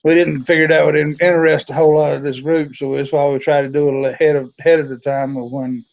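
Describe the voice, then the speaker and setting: A man's voice: on the high side, level tone, quick pace, vocal fry. A man in a casual chat, stopping and repeating himself as he talks. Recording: dull, lo-fi mic.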